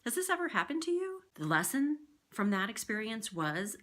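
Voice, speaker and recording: A woman who works as a voiceover artist, talking casually to camera as she gives communication tips and shows vocal warm-ups. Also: on the high side, moderate pace. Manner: lively, chatty, demonstrative. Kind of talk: direct-to-camera tips video.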